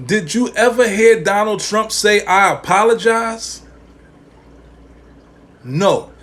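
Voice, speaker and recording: A man with a high, a bit bright voice and lively intonation hosts a podcast, ranting at a measured pace. He's emphatic and opinionated, swearing in slang and repeating lines to hammer his point.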